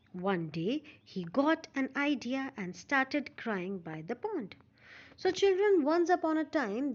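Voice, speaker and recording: A woman schoolteacher with an Indian English accent, telling a story to children and explaining words as she goes. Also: high-pitched. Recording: dull lo-fi recording.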